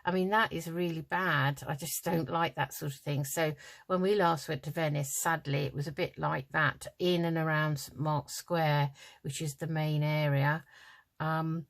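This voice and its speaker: An older woman from the UK, chatting in a rambling way with many ums while she crafts at home, a little tired and yawning. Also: low-pitched. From United Kingdom. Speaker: craft vlogger. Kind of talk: casual chat while crafting.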